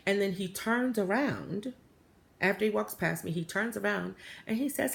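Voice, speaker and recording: A woman, telling a story to her viewers in a chatty, animated way, full of fillers and asides. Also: medium pitch, moderate pace, gravelly. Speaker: vlogger. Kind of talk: casual storytelling to camera.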